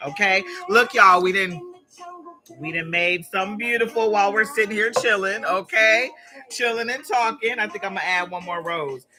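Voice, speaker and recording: A woman's voice: medium pitch, moderate pace, over music. A woman hosting a live stream, chatting and encouraging her viewers in a casual motivational way while she arranges flowers.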